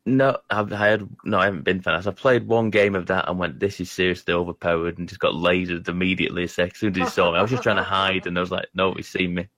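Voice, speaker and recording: A man in a casual gaming chat, talking in a rambling, halting way and poking fun at his own skills. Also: deep voice, fairly even intonation, a bit bright, no room sound. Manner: rambling, halting, self-deprecating.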